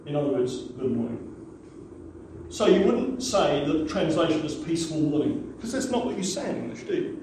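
A man's voice: on the high side, sing-song, normal speed, a little mellow, slight background noise. A man teaching a language class, patiently repeating words for the students to echo. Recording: echoey room, mic far off.

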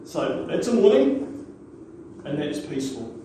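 A man's voice: on the high side, sing-song, unhurried, dark tone, a little hiss or hum. A man teaching a language class, patiently repeating words for the students to echo. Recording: echoey room, mic far off.

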